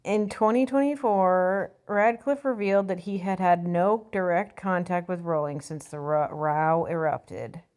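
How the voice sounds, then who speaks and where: A woman's voice: lowish voice, steady tone, measured pace, hardly any pauses, a little mellow. Blunt, sarcastic woman ranting. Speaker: vlogger. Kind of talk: opinion vlog reading an article.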